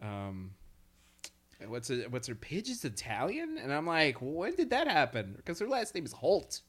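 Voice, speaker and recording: A man's voice: medium pitch, huge pitch swings, a little slow, a bit bright. A man in casual chat who swears and laughs often and acts out lines he quotes.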